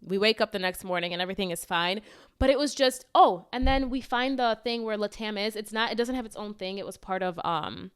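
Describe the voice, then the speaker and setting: A woman's voice: medium pitch, a little fast, clean tone. A young woman co-hosting a podcast, telling a travel story in casual chat, swearing freely and talking animatedly. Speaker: podcast co-host.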